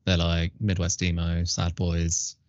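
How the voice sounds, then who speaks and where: A man co-hosting a podcast in casual chat, relaxed and self-deprecating. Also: low voice, measured pace, no room sound. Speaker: podcast co-host. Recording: dull lo-fi audio.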